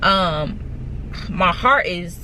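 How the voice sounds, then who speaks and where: A young woman vlogging from a parked car, telling her story to the camera in a casual, repetitive, excited way and addressing her viewers directly. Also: lowish voice, extremely slow, slight background noise.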